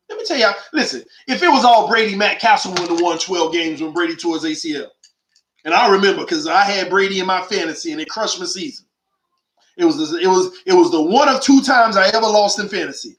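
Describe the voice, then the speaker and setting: Hosting a call-in sports show, a man launches into a lively, preachy, opinionated monologue, packed with slang and rhetorical questions. His high, slightly bright voice swoops up and down with lively intonation at a fast clip, while the room rings with echo.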